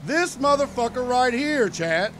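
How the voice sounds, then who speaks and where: High-voiced man ranting through a story. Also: lively intonation, measured pace, a little hiss or hum. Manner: profane, exasperated, swings into loud outbursts. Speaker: streamer telling a story. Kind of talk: casual storytelling to chat.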